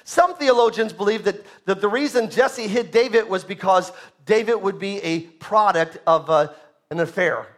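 A male preacher giving a fervent sermon, rising to shouts for emphasis. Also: high-pitched, normal speed.

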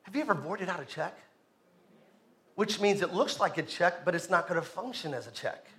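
Bright high-voiced joking preacher man. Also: normal speed. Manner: joking, animated, asks the congregation for responses. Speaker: pastor. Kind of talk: sermon. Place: church sanctuary with congregation.

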